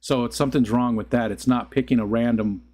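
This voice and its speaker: A man's voice: mid-range voice, steady tone, a little fast, a crowd in the background. A middle-aged man hosting a casual live stream, rambling and chuckling as he talks to his chat. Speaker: livestream host.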